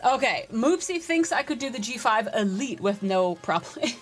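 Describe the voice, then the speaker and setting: A woman game streamer talks through a live session, chatty and excitable as she answers her viewers. Her voice sits fairly high. Faint game music runs underneath. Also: normal speed. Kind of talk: casual live-stream chat.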